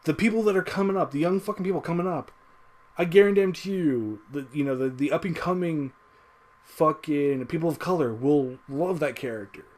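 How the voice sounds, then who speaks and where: A man ranting casually to his audience, swearing constantly, heated and emphatic. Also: moderate pace. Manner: profane, heated, lively swings in pitch. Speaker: video creator. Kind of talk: casual rant to camera.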